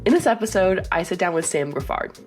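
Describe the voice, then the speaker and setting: A woman's voice: on the low side, animated, a little fast, a little mellow, soft background music. A woman hosting a podcast, reading an upbeat intro and then chatting and asking questions. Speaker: podcast host. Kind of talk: scripted intro then casual interview chat.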